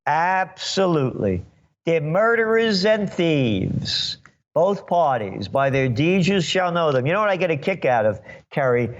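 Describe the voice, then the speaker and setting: A man's voice: on the high side, lively intonation, unhurried, lo-fi sound, faint music behind. A man from New York, a guest forecaster in a podcast interview, talking emphatically and sarcastically. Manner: emphatic and sarcastic, mocking voices.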